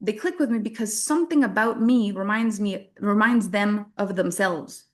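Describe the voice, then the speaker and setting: A woman from French-speaking Canada speaks to a workshop audience as a business coach. Her delivery is candid and animated, with self-deprecating humor and frequent laughter. She sits in a mid range of pitch for a woman. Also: moderate pace. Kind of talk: motivational workshop talk.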